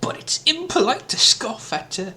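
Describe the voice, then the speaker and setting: A man putting on a fussy, high-pitched voice to lecture about manners. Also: big pitch swings, moderate pace, bright, forceful tone, a little hiss or hum, heavily acted. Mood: prim.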